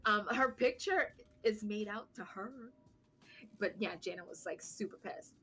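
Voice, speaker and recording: Bright-voiced woman telling an animated story. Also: mid-range voice, unhurried, husky. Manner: animated, laughing storyteller acting out quotes. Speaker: podcast co-host. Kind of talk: casual chat storytelling.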